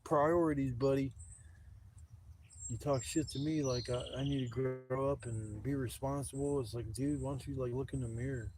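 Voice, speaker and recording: A man's voice: mid-range voice, fairly even intonation, normal speed, noisy background. Profane rambling man at a campsite. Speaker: camping vlogger. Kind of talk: casual livestream chat. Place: outdoors at a campsite. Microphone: handheld camera on a gimbal.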